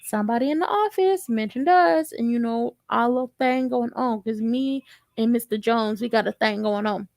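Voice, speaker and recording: A woman playing a stressed pregnant woman from a tv drama recap, hushed and worried, guarding a secret. The voice sits high and close, with a dry sound. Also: normal speed, gravelly, no room sound.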